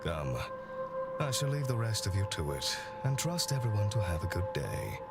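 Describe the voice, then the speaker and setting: An actor playing a formal English marquis who is master of a manor house, speaking with an English accent in a measured, commanding way. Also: male voice, on the low side, very animated, over loud music.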